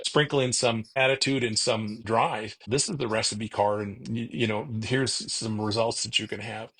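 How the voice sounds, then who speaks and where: A man's voice: mid-range voice, creaky, a bit bright, slightly rough. A middle-aged man, a podcast guest, telling rambling self-deprecating stories in casual chat and acting out the people he quotes. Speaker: podcast guest, car finder.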